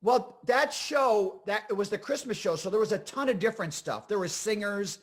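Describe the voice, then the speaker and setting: A man in his fifties from Scranton, Pennsylvania, an actor and comedian telling rambling, animated stories as an interview guest. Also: high-pitched, normal speed. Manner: animated, rambling, full of fillers and asides. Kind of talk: casual interview storytelling.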